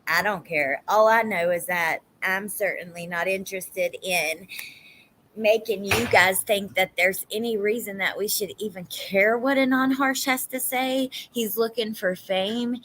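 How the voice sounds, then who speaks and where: A woman's voice: mid-range voice, a bit bright, slight background noise. A woman with a Southern US accent chatting casually on a livestream, reading viewer comments and swearing emphatically now and then. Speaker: true crime livestream host.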